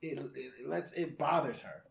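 A man's voice: mid-range voice, moderate pace, gravelly, crowd noise. A man with a mid-range voice giving reflective opinions in casual podcast chat. He works through his points with frequent fillers. The sound has a roomy echo. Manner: reflective, builds arguments with "you know". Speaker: podcast co-host.

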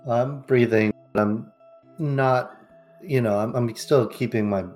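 A man's voice: mid-range voice, slow pace, a little mellow, faint music behind. A man taking part as a player in a tabletop role-playing game, answering in a terse, matter-of-fact way.

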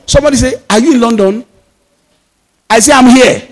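A Nigerian man preaching a sermon as pastor, with fervent declarations that rise into shouts. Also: very high voice, brisk, long reverb tail.

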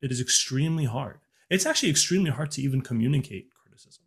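A man's voice: medium pitch, animated, quick pace, vocal fry, breathy edge. A man talking earnestly in a casual podcast chat, giving relationship advice with many restarts and fillers.

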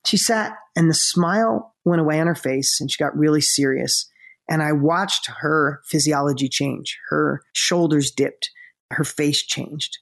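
Energetic male motivational speaker. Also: a little high, creaky. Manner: energetic, emphatic, quick bursts slowing for emotional moments. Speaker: motivational speaker and podcast guest. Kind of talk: conversational storytelling in an interview.

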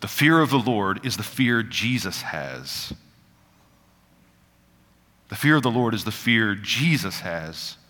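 Bright-voiced male pastor preaching in a reverberant hall. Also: fairly low pitch, animated. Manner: conversational and joking, slowing down for emphatic scripture reading. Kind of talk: sermon. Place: church sanctuary.

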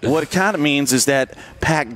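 A man's voice: fairly high pitch, normal speed, a bit bright. A man hosting a casual live podcast from a racetrack, rambling and joking with lots of restarts. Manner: rambling, joking, many restarts and filler words. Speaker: podcast host. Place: racetrack grandstand overlooking the pit.

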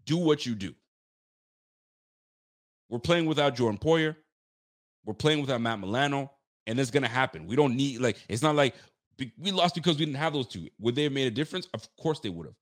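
A man's voice: mid-range voice, lively intonation, quick pace. A fired-up man giving a rambling sports rant, full of restarts and street slang. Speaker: sports fan commentator. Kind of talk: heated football rant.

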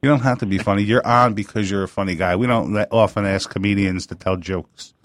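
Low-voiced man hosting a call-in show. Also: steady tone, a little fast, dry recording, studio quality. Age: 40s. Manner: loose, joking, swears casually. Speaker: radio show host. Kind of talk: casual call-in interview.

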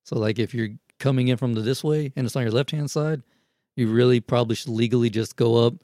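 A man's voice: mid-range voice, quick pace, mellow, no room sound, studio quality. A man telling a wild story in casual, profane podcast chat, acting out the quotes. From Houston, Texas.

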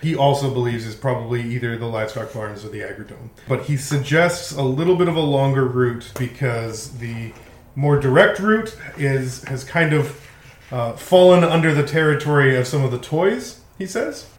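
A man narrating a tabletop game as game master, rambling loosely with frequent ums. His voice sits at an ordinary pitch and has a roomy echo around it. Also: lively intonation, moderate pace. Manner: casual, rambling with many ums and laughs.

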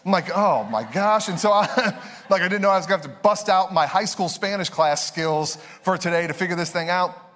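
Young male pastor, conversational sermon, slightly high voice, long reverb from the hall. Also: fairly even intonation, a bit bright. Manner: conversational, storytelling with quick asides.

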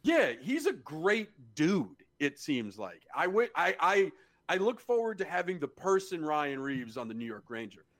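Blunt guy cohosting a hockey podcast, kinda high voice, swears a lot, casual chat. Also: sing-song, normal speed, a bit bright. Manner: blunt, swears freely, analytical. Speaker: podcast co-host. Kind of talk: casual sports talk.

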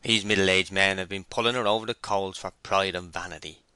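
A man's voice: sits low, fairly even intonation, a little fast, bright, forceful tone, clear, resonant tone, dry recording. A man voicing a jovial, flirtatious village man who talks cordially.

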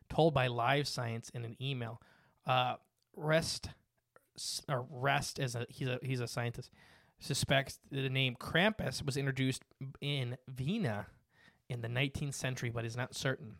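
A man's voice: medium pitch, normal speed, gravelly, fairly bright tone, no room sound, clean studio sound. A man hosting a casual podcast, reading from notes with frequent fillers and restarts. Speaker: podcast host.

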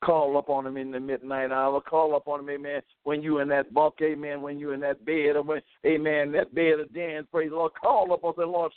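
Fervent radio preacher, tinny sound. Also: male voice, on the high side, flat delivery, brisk, few pauses, clean tone, no room sound. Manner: fervent preaching, frequent "amen" and "praise the Lord" interjections. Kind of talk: radio sermon.

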